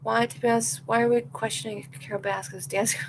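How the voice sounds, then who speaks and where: A woman's voice: fairly high pitch, brisk, gravelly, background noise. Opinionated young woman chatting candidly. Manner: candid, opinionated, animated quoting of others. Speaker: podcast host. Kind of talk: casual chat reacting to live comments.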